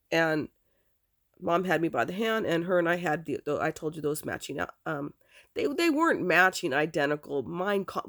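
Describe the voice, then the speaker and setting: Gravelly-voiced middle-aged woman telling a family story. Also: low-pitched. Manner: rambling, repeats "I said" as she recounts dialogue. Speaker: adopted daughter telling her family history. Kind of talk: casual spoken family story.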